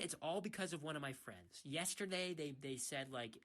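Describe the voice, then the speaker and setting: A man's voice: on the high side, animated, moderate pace, hardly any pauses, a bit bright. A young man from the United States, rambling in a self-mocking, teasing way, talking late at night into his phone microphone. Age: young adult. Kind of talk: casual rambling monologue.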